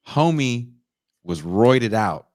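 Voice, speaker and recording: Drawing out his words in a medium-pitched voice, a male podcast co-host spins a story during casual chat. He's animated, curses freely, and acts out what others said.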